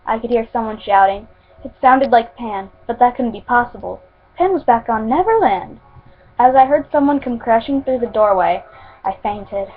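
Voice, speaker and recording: A woman with a voice on the high side reads her homemade fan fiction aloud at home at a moderate pace, sometimes tripping and restarting words. The recording has a tinny, phone-like quality.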